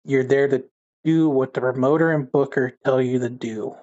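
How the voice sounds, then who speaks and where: A man's voice: mid-range voice, fairly even intonation, normal speed, darkish tone, highs cut off. A man hosting a casual online talk show, asking questions in a laid-back, conversational way. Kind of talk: casual podcast chat.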